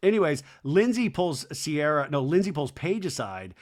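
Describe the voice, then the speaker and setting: Chatty sarcastic man, higher voice. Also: big pitch swings, normal speed, a little mellow. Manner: chatty, sarcastic, swears freely. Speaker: podcast host recapping a reality show. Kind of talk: casual recap with acted quotes.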